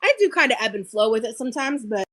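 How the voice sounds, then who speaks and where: A woman with a high voice chats casually on a livestream, sounding dismissive and defensive toward critics. The recording is dry and close. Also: lively intonation, quick pace, fairly bright tone, dry recording. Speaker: livestreamer in played clips.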